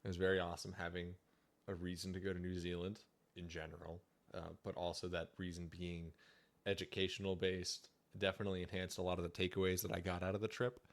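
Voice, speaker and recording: A young man giving a casual, jokey livestream presentation on his trip, chatty and laughing often. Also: sits low.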